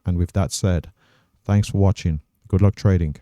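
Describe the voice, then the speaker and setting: A man hosting a trading channel, walking through his day's trades on screen in a measured, methodical way and thinking aloud. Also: deep voice, fairly even intonation, mellow, no echo, dull audio. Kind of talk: casual trading recap over screen recording.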